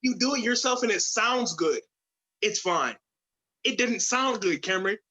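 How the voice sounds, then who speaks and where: A man co-hosting a podcast, talking in an animated, opinionated way and stumbling over his words as he argues. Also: high voice, normal speed, low-quality recording. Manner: animated, opinionated, mocks voices with gravelly whispers. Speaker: podcast co-host. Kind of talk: casual chat.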